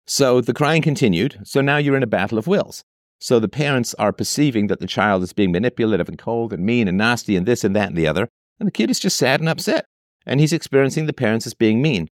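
A man's voice: mid-range voice, expressive, a little fast, no echo. A man with a mid-range voice reads a text aloud and keeps stopping to tear into it. His commentary is sarcastic and emphatic, and he drives points home by repeating them. The recording is dry, with no room sound. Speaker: commentator reading and reacting to a text. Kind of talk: reading aloud and ranting commentary.

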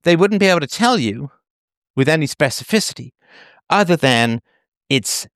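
A man's voice: fairly high pitch, animated, normal speed, a bit bright, no room sound, studio quality. A man, an author, talking at length in a conversational interview, emphatic and digressive with a slightly sardonic edge.

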